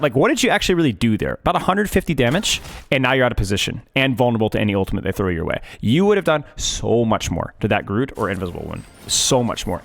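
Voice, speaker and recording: A man's voice: medium pitch, creaky. A man coaching a player through a gameplay replay, emphatic and often repeating his points several times. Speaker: game coach.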